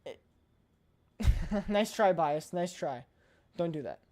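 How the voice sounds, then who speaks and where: A woman's voice: fairly low pitch, lively intonation, takes it slowly, mellow. A woman streamer chatting casually on a live stream, emphatic and playfully blunt, often repeating her points.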